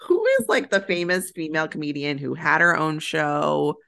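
A woman's voice: deep voice, moderate pace, creaky, fairly bright tone, no echo, studio quality. A woman co-hosting a casual podcast, recapping a movie in a chatty way with lots of fillers. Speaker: podcast co-host.

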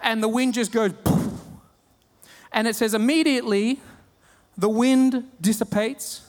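A man with an Australian accent preaching a sermon, telling stories with humor and animated retellings. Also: very high-pitched, moderate pace, in a large hall. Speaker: pastor.

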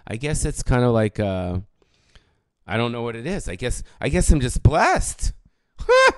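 A man's voice: mid-range voice, big pitch swings, normal speed, a little mellow, dry recording. Rambling, foul-mouthed fifty-year-old man. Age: about 50. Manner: rambling, profane, self-correcting. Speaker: comedian and podcast host. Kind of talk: casual solo podcast rant.

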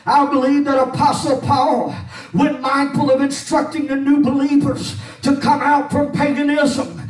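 A male preacher chants his sermon in a sing-song whoop, shouting each phrase and breaking it up with a steady "uh." His voice sits very high and rings through an echoey church. He is picked up from a distance, with faint music underneath. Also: measured pace. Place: church sanctuary. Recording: echoey room, far from mic, with music.

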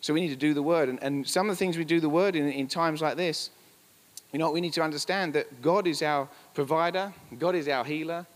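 A man's voice: a little high, a little fast. A male pastor preaching a sermon in church, emphatic and repetitive, with chatty asides. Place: church hall. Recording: reverberant church hall.

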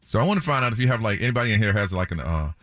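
A male radio host in casual studio chat, animated and quick to laugh. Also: on the low side, faint music behind. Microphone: studio broadcast mic.

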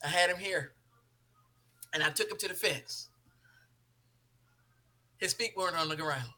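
A middle-aged woman hosts a talk show and tells a family story. Her voice is bright and forceful. She acts out each quoted line as she goes. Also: fairly low pitch, a little slow. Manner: animated storytelling, acting out quoted dialogue.

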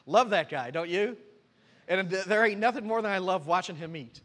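A man preaching, a pastor telling a personal testimony with animated storytelling, acting out his own conversations. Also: high voice, moderate pace. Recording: long reverb of a church hall.

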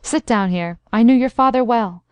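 A woman's voice: a little high, moderate pace, darkish tone, clean tone, dry recording, natural voice. A woman voicing a gracious, hearty old colonel in a storybook reading. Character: warm, courtly old male colonel.

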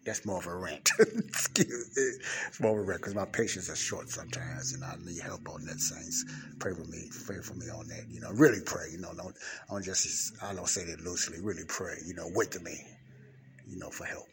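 Deep-voiced guy rambling into a close mic, lots of uh and you know, faint traffic hum behind. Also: steady tone, brisk, gravelly. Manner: rambling, repeats words, frequent fillers. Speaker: podcast host. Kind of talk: casual preaching monologue. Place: library study room by a window. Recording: faint street noise through window. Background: faint traffic from outside.

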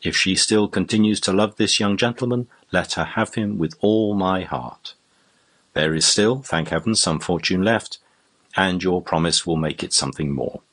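A man reading the part of a proud old gentleman, speaking slowly and firmly. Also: deep voice. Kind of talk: audiobook character voice.

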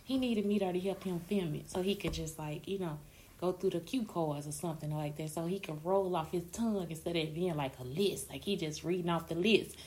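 A young woman, gushing and ranting in casual talk to her viewers, swinging between shrieks and low murmurs. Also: fairly quick, a little mellow. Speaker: vlogger.

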